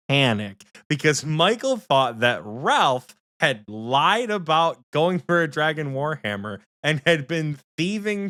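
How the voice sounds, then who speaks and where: Animated, profane man telling a story. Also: fairly high pitch, no echo, studio quality. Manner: rapid bursts of speech. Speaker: podcast co-host. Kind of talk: casual storytelling chat.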